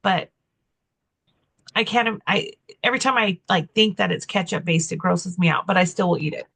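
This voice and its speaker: A woman's voice: lowish voice, normal speed, vocal fry, fairly bright tone, slightly rough. A middle-aged woman co-hosting a podcast, chatting casually and rambling, tired and with a slight lisp. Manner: chatty, rambling, self-deprecating. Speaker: podcast co-host. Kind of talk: casual chat.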